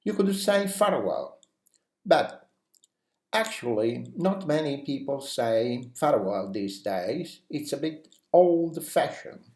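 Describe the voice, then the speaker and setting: Slow-paced male English teacher. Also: medium pitch. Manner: acts out example phrases in a lively way; uses many "you know" fillers. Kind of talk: language lesson. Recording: roomy echo.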